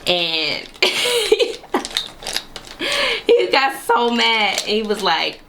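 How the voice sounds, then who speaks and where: Woman, young adult, vlogger, casual storytime, sassy slangy delivery, slow pace, bright forceful tone. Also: medium pitch, slight background noise. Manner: animated, sassy, slangy retelling with frequent laughs.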